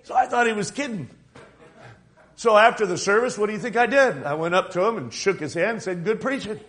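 A man with a high-pitched voice delivers a fervent sermon. He leans on key words and draws them out slowly for emphasis. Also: a bit bright. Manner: fervent, emphatic, drawn-out stresses. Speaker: preacher.

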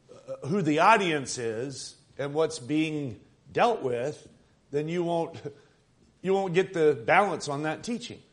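Male minister giving an earnest sermon, kinda high voice, asks the congregation stuff. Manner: earnest preaching with call-and-response questions.

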